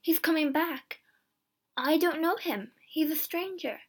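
A woman voicing an anxious, excitable old housewife, her lines pitched up and exclaimed. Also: unhurried. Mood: excited. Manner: exclaiming, rising high.

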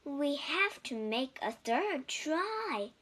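A woman's voice: sits high, very animated, drawn-out words, a bit bright, pitched above the performer's own voice, full character voice. A woman voicing a patient, encouraging male frog in a storybook reading.

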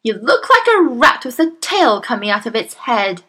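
A woman's voice: sits high, wildly swooping pitch, unhurried, sharp tone, pitched above the performer's own voice, full character voice. A woman voicing a huge, bullying headmistress who barks and bellows her orders in a storybook reading. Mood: barking. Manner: barking, bellowing. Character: huge bullying female headmistress, loud brute.

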